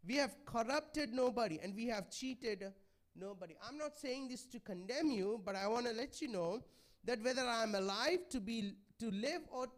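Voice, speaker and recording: Man, high voice, church sermon, pleading conversational preaching. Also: animated, normal speed. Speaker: pastor.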